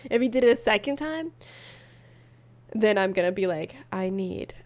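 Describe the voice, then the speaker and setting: A woman's voice: mid-range voice, animated, normal speed, darkish tone. A woman streaming casually, reading posts aloud and reacting with frequent laughter. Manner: dry, exaggerated reading voice. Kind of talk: casual livestream commentary.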